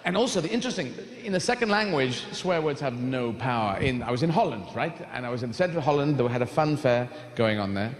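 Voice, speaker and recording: A male stand-up comedian telling rambling, animated stories on stage, swearing freely and slipping into voices. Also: medium pitch, fast, hardly any pauses.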